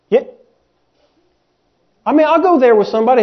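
A man preaching a sermon in a folksy, animated way, slipping into little voices of doubters and skeptics. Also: very high voice, normal speed, long pauses, lo-fi sound.

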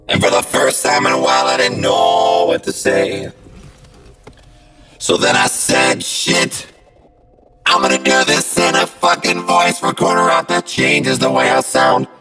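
A man's voice: mid-range voice, creaky. A man hosting a podcast, rambling and swearing in a half-sung comic monologue through a voice changer app, recorded on a phone. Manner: profane, rambling, jokey. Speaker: podcast host. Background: loud music.

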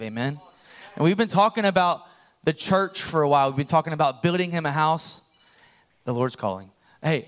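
A young man pastor preaching a sermon in church, energetic and full of jokes, laughing often. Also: a little high.

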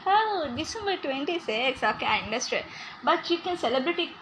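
A woman's voice: sits high, sing-song, a little fast, noisy background. A young woman hosting a casual podcast, chatty and teasing, laughing often. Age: young adult. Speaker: podcast host.

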